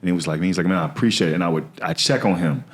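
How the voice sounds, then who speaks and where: A man's voice: deep voice, very fast. A man, a comedian guest on a podcast, telling candid, slangy and earnest stories from his life in casual conversation.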